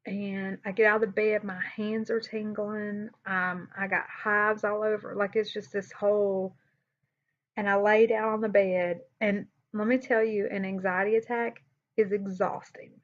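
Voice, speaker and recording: A woman speaks candidly to the camera in a personal vlog, her talk full of fillers, restarts and sighs. Her voice sits at an ordinary middle pitch. The recording sounds a little dull and lo-fi. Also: level tone, a little slow. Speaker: vlogger.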